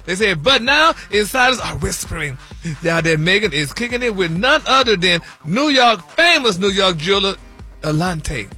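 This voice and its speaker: A man's voice: high voice, big pitch swings, moderate pace, sharp tone, husky, faint music behind. A man hosting celebrity news on a radio show, sassy and gossipy, calling everyone honey and y'all. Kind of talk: gossipy casual talk radio.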